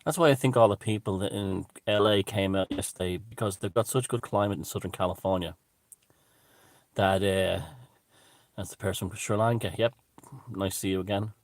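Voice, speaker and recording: A man hosting a casual livestream, chatting loosely and digressively while answering viewer comments, with frequent pauses and fillers. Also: fairly low pitch, steady tone, no echo. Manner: rambling and digressive, many fillers. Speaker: livestream host.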